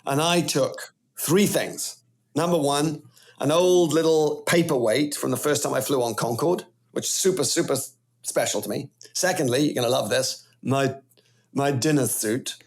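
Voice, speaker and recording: A middle-aged Welsh man telling stories as a podcast guest, animated and rambling in casual chat. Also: mid-range voice, normal speed. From Wales.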